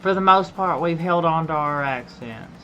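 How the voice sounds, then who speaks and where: A woman's voice: low voice, normal speed, dull audio, over music. Rambling Appalachian woman streamer. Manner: rambling, repeats and restarts phrases. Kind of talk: casual gaming chat.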